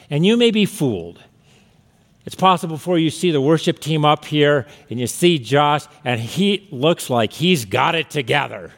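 A man's voice: on the high side, lively intonation, moderate pace. A man preaching a sermon as pastor, telling stories and rising to emphatic peaks. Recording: hall reverb.

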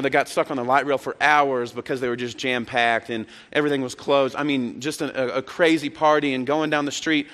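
Pastor preaching in a reverberant hall. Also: male voice, medium pitch. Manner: dramatic swings between hushed and shouted retellings. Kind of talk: sermon.

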